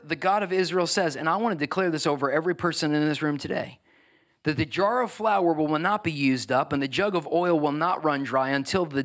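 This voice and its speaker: A man preaching a lively sermon as pastor, acting out the voices of biblical figures. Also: fairly high pitch.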